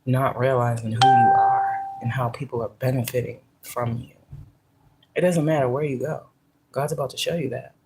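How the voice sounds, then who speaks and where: A woman with a very deep, darkish voice gives a casual spiritual pep talk over slight background noise. She's a spiritual teacher and workplace manager who swears freely, speaks with emphasis, and acts out the voices she quotes.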